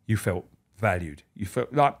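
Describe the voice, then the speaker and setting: A former prison officer with a fairly low voice tells frank stories full of swearing, speaking at a normal speed. He's animated and performs the voices of the people he quotes.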